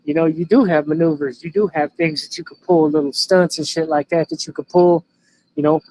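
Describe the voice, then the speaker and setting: A man's voice: on the high side, fairly even intonation, fairly quick, dark tone, rough recording. A young man chatting casually on a livestream, slangy and swearing, laughing often. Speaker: streamer. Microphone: streaming mic.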